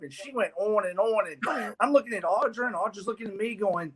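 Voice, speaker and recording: High-voiced man telling a lively story. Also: a little fast. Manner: lively, laughing, acts out the people in his story. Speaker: guest sponsor representative. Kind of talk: animated storytelling.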